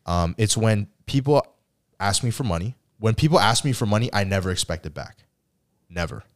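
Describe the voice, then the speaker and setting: A man co-hosting a podcast, telling a story in a casual, animated way and acting out the people in it. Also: lowish voice, fairly quick. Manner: animated storyteller, acts out quotes, teasing. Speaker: podcast co-host.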